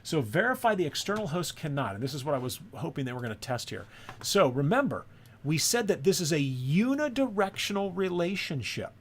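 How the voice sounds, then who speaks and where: A man's voice: fairly high pitch, very animated, brisk. A man teaching a screen-recorded networking lesson, thinking aloud and often checking in with "right?". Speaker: course instructor.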